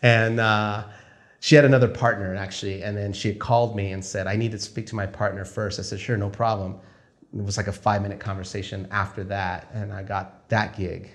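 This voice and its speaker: A male film director telling a story casually, acting out the conversations he quotes. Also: on the low side. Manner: animated, acts out dialogue in quick quoted exchanges.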